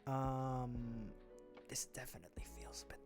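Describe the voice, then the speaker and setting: A man's voice: medium pitch, moderate pace, loud music behind the voice. A man from the Philippines who hosts a livestream, chatting casually and rambling with joking asides while building a model kit. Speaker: livestream host. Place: home streaming setup.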